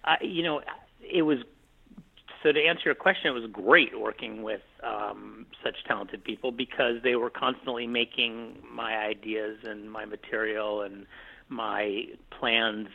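A man speaks over a tinny phone line, sounding narrow and lo-fi. He is a film director answering interview questions, relaxed and rambling, often restarting his sentences. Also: fairly low pitch, vocal fry. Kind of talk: conversational interview.

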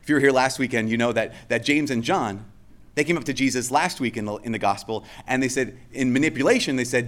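A man's voice: medium pitch, fast talker, fairly bright tone. A male pastor preaching a sermon in a conversational way, often restarting and repeating phrases for emphasis.

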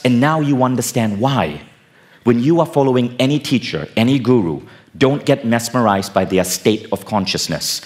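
Low-voiced man giving an emphatic talk. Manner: emphatic, casual, sometimes profane. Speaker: personal growth speaker. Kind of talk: stage keynote talk.

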